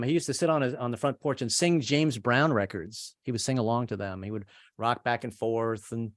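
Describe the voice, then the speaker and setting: A man's voice: medium pitch, no echo. Male stand-up comic, rambling delivery with frequent restarts, dry close mic. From American, family from Kentucky. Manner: rambling, repeats words, acts out voices. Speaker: stand-up comedian. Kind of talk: stand-up comedy set.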